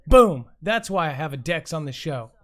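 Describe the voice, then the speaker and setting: A man's voice: a little high, expressive, moderate pace. Goofy man flubbing a mock newscast. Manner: stumbles over words and repeats them in silly voices; joking asides to himself. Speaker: host of a comedy call-in news show. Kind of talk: goofy read-out news blooper reel.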